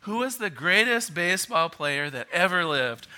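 A scruffy bar patron pleads eagerly for one more chance, played by a man telling a joke. His pitch rides a little high, and the voice stays bright. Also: sing-song, normal speed, clean tone, exaggerated voice. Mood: pleading.

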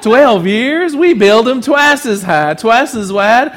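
A man voicing a boastful male Texan tourist in a put-on Texan accent, bragging in a loud drawl while telling a joke in a sermon. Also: extremely high pitch, expressive, slow, pitched above the performer's own voice, heavily acted.

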